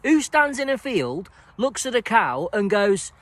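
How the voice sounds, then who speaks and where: A sarcastic man rants through a scripted comedy bit, his pitch swinging up and down in lively, mocking swoops. The recording is close and dry, with no room sound. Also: a little slow, no room sound.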